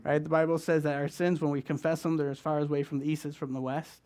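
A man preaching a conversational sermon, talking fast and often checking in with his listeners. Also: on the high side, flat delivery, a little mellow. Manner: fast-talking, keeps asking "right?". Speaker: guest preacher.

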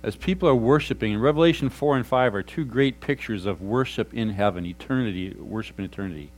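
A middle-aged man preaching a sermon as pastor, earnest and conversational, dropping to soft, hushed tones for prayerful lines. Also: fairly low pitch, quick pace, rough recording.

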